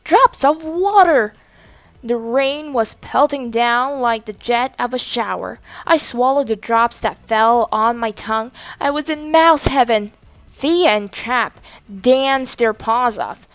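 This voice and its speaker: A woman reads a children's storybook aloud in a high, expressive voice. She takes her time over every sentence, and the sound is close and dry. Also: no room sound, faint music behind. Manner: expressive, deliberate reading aloud. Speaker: storybook reader. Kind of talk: children's audiobook narration.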